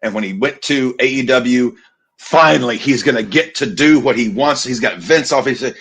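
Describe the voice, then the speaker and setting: A man's voice: mid-range voice, moderate pace, a bit bright, husky. A man co-hosting a casual chat, delivering blunt opinions. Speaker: podcast co-host.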